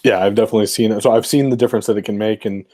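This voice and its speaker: On a podcast he co-hosts, a man with a fairly low, warm voice looks back on his football coaching days. He talks rapid-fire with fairly even intonation, rambling casually and leaning heavily on fillers like "like" and "right" as he tells the story.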